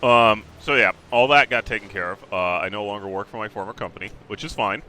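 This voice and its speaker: A man's voice: on the low side, fairly quick, pushed and bright. A man with covid hosting a casual gaming chat, telling a story with lots of swearing and laughter. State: sick with covid. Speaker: host.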